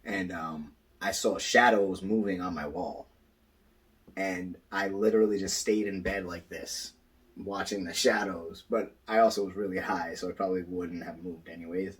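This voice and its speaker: A man co-hosting a podcast, telling stories in casual chat, animated and acting out quotes. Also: low voice, normal speed, far from the mic. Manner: animated storytelling, acts out quotes, swears, laughs a lot. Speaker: podcast co-host.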